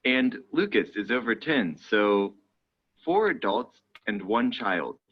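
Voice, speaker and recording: A man's voice: fairly low pitch, big pitch swings, takes it slowly, gravelly, exaggerated voice. A man playing a friendly traveler buying bus tickets for a group in a scripted lesson dialogue. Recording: dull lo-fi audio.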